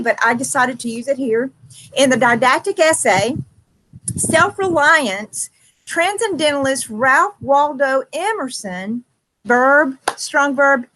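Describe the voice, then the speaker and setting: High-voiced woman teacher thinking aloud. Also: a bit bright. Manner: thinking aloud, many ums and self-corrections. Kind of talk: recorded writing lesson.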